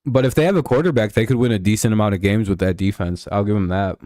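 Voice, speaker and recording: A man's voice: on the low side, fast talker, dark tone, no echo, studio quality. A man streaming live, talking football in a rambling, profane way with lots of fillers and restarts. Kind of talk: casual live-stream sports chat.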